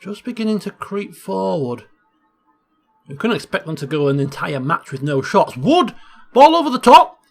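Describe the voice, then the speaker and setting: A man casually commentating over a football management game he plays, chatty and excitable. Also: high voice, moderate pace, gravelly, soft background music. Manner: chatty, bursts into excited shouting at goals. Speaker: Let's Play host.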